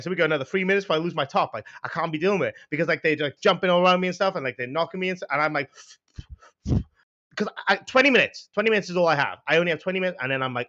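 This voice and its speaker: A man rattles off profane stories at speed in a bright, slightly high voice. He rambles and acts out the scenes he describes. The mic sounds a little dull and lo-fi. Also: racing. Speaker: podcast co-host. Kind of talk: casual profane chat.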